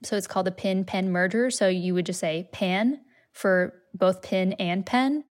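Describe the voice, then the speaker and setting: A woman's voice: medium pitch, moderate pace. A woman interviewed as a linguist, explaining casually in a chatty way with lots of "like" fillers.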